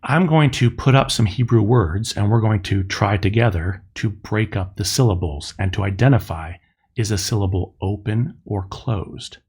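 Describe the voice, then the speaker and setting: A middle-aged man teaching a recorded lesson, explaining step by step and spelling out sounds slowly. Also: fairly low pitch, darkish tone, slightly rough. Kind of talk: recorded classroom lecture.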